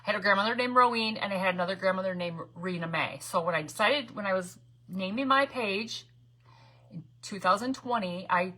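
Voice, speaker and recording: Bright-voiced chatty woman crafting live. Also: medium pitch, brisk. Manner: chatty and laughing, greets viewers by name, sometimes talks loudly. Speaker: live-stream crafting host. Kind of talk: casual live-stream chat while crafting. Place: home craft room.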